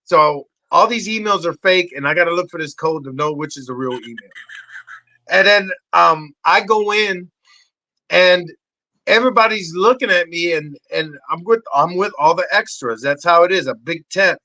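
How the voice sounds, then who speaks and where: A man in his forties, a podcast guest telling wild stories with swearing and excitable energy. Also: moderate pace, no room sound, low-quality recording. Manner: excitable, swearing, acts out voices in high shouts. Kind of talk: animated storytelling.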